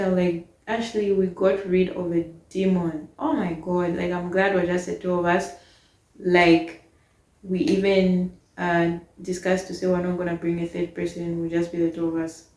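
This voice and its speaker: Young woman, casual storyteller, lowish voice, exasperated and lively, roomy echo. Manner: animated, exasperated retelling.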